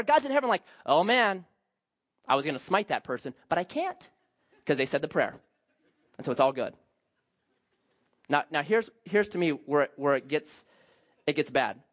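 A male pastor preaches with animated swings, rising to loud emphasis, then dropping to quiet, low asides. His pitch moves widely, and the recording sounds dull and lo-fi. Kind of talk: sermon.

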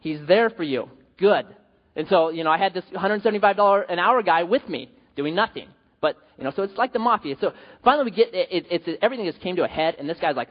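A man preaching a sermon, telling a personal story in an animated way and asking the audience questions. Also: sits high, fast. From US West Coast. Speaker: pastor. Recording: dull hall reverb.

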